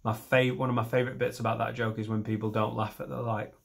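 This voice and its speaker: A man's voice: mid-range voice, flat delivery, fast talker, creaky. A middle-aged man from doing a rambling, self-deprecating stand-up set. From northern England. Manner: self-deprecating, rambling, mixes in silly voices. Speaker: stand-up comedian.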